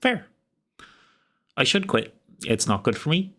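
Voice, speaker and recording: Slow-talking Irish man running a game. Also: medium pitch, sing-song, pushed and bright. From Ireland. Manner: slow, laid-back, chuckling often while reading chat. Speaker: game master and streamer. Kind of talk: casual live-stream chat while running a tabletop game.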